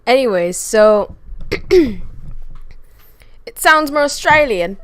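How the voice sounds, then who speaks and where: A woman streamer answering viewer questions in a casual chat, frank and crude in her joking and quick to laugh. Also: medium pitch, expressive. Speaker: VTuber streamer.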